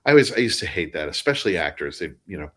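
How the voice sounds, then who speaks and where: A man with a fairly low voice chats loosely in a live online interview. He talks with animated, self-deprecating energy and often stumbles over his words. He comes across as a guest in a relaxed conversation about his craft. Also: rapid-fire. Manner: animated, self-deprecating, drops into joking mock accents. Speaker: audiobook narrator guest. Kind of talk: casual live interview chat. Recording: live online video chat.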